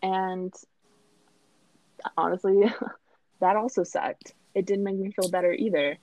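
A young woman guest talks through her story in a loose, chatty way, full of little laughs and "like"s. Her voice sits at a middling pitch. The recording sounds a bit dull and lo-fi, with no room echo. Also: steady tone, measured pace, darkish tone. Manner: chatty, laughs often, lots of "like" and "um". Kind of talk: casual personal storytelling.

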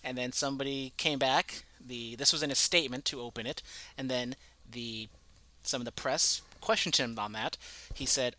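A man's voice: mid-range voice, steady tone, brisk, pushed and bright. A man co-hosting a casual sports podcast, rambling and profane as he breaks down a scandal. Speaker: podcast co-host.

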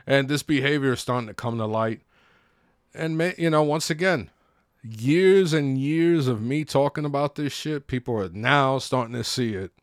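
A man's voice: medium pitch, moderate pace, no room sound, clean studio sound. A man podcasting, ranting in a blunt, profane, exasperated way. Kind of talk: ranting monologue.

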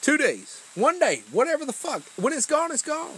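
A man's voice: extremely high pitch, sing-song, normal speed, fairly bright tone, poor audio. A man in his forties hosting a casual chat, blunt and emphatic, swearing constantly. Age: 40s. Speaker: podcast host.

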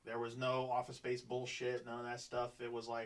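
A man's voice: mid-range voice, a little fast, recorded from a distance, rough recording. A man telling a long work story in a casual podcast chat, swearing freely and acting out what people said. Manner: profane, animated, acts out quoted dialogue.

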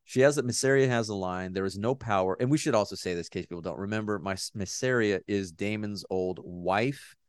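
Joking low-voiced man co-hosting a podcast. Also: fairly quick, hardly any pauses, smooth, dry recording. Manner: rambling, jokey, swears casually. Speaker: podcast co-host. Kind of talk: casual chat.

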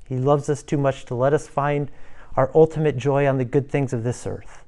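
A man's voice: mid-range voice, steady tone, moderate pace. A man preaching a devotional sermon, retelling a psalm with rising passion. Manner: impassioned, rising loud when voicing David's prayers.

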